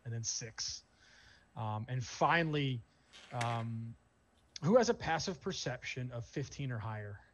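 A man narrating as game master in a tabletop role-playing game, describing scenes in a relaxed way with many fillers. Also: medium pitch, a little slow, highs cut off, a little hiss or hum.

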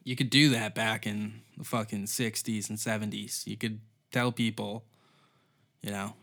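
A man's voice: lowish voice, steady tone, measured pace, fairly bright tone. A man hosting a solo comedy podcast, rambling and swearing in an offhand way, often trailing off. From Canada. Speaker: podcast host.

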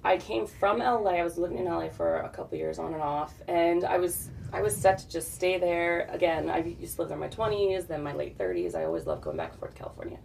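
Low gravelly woman chatting. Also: quick pace, few pauses, recorded from a distance, slight background noise. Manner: chatty, relaxed, talks in long run-on thoughts. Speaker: guest, fitness model and author. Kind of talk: casual interview chat.

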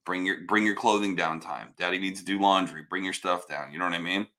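A man talking loudly and bluntly in casual chat, cursing freely and restarting his sentences often. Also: low voice, steady tone, a little fast. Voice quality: hard of hearing. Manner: loud, blunt, swears freely, many restarts.

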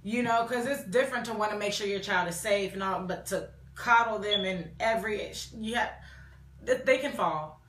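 Bright-voiced woman co-host, echoey room. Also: medium pitch, normal speed. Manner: animated, laughing, stammering restarts. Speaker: podcast co-host. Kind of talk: casual podcast chat.

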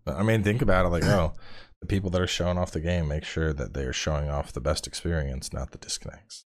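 A tired man in his thirties, a podcast guest chatting casually and telling animated stories with plenty of swearing. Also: low-pitched, fast talker. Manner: animated storyteller, swears freely. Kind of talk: casual chat.

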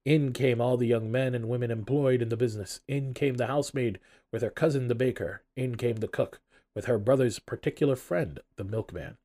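A man narrating a classic novel aloud in an expressive, storytelling manner. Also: medium pitch, a little fast. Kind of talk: audiobook narration.

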